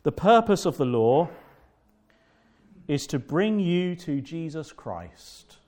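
A male pastor delivers a fervent, emphatic sermon, repeating phrases and slowing down to stress key words. His voice sits on the high side, very animated and a little mellow.

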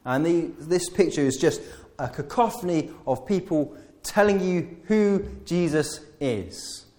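A man's voice: fairly high pitch, animated, a little slow, warm tone. A man preaching a sermon in an earnest way, often restarting his phrases as he explains a Bible passage.

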